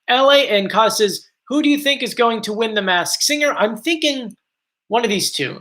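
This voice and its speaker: A man with a mixed South Jersey and Philadelphia accent hosts a casual live stream. His voice is bright and pushed forward, and he rambles cheerfully from one viewer comment to the next. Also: sits high.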